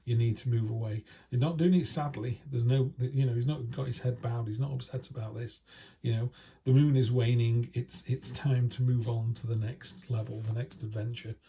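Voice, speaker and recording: A man's voice: mid-range voice, fairly even intonation, moderate pace, dark tone, slight background noise. A man with a British accent giving a chatty, down-to-earth weekly tarot reading to his viewers. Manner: chatty, down-to-earth, slangy asides. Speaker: tarot reader.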